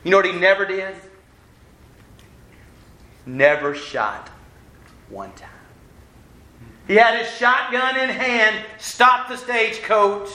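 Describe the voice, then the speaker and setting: A man's voice: high-pitched, takes it slowly, long pauses, sharp tone. A man giving a folksy, self-deprecating sermon as a minister, walking around as he talks. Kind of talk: conversational sermon. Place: church hall. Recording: echoey church hall.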